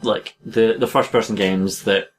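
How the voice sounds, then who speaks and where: A man's voice: fairly low pitch, fairly even intonation, a little slow, slight background noise. A man co-hosting a podcast, chatting loosely with many hedges and frequent laughs. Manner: rambling, hedging with 'like', laughs often. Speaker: podcast co-host. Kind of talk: casual chat.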